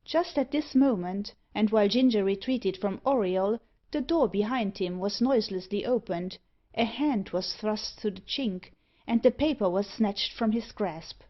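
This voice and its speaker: A woman's voice: medium pitch, a little slow. Woman narrating an audiobook, slightly muffled. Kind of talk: scripted narration.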